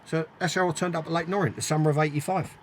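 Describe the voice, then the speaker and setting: Racing through his stories, this older ex-footballer speaks in a fairly high, steady voice as an interview guest. He's blunt and emphatic, swearing freely and repeating himself to make his points. There's a little hiss or hum in the recording.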